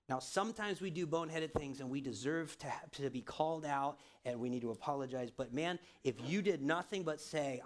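Male pastor, slightly high-pitched, relaxed conversational sermon delivery. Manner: conversational, checks in with the congregation often.

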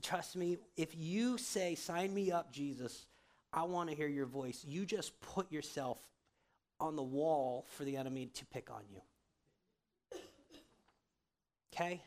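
A man's voice: a little high, slow, pauses often, darkish tone. A man preaching a sermon in a casual, conversational way, often checking in with the congregation. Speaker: pastor.

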